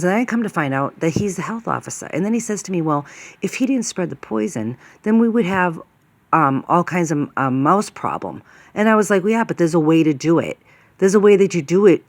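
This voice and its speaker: A woman's voice: deep voice, no room sound. A woman telling a personal story in a casual, rambling way, upset, with fillers like "okay?" and "right?".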